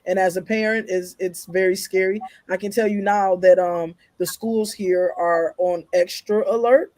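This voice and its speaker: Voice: mid-range voice, steady tone, a little mellow, no room sound. Earnest parent panelist, dry close sound. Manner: earnest, halting, with many fillers. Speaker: podcast panelist. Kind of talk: podcast panel discussion.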